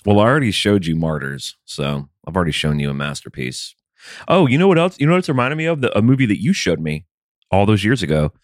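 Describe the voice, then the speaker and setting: A man's voice: fairly low pitch, sing-song, fast, dry recording, studio quality. A man co-hosting a casual podcast chat, talking in an easygoing, rambling way about films. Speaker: podcast co-host.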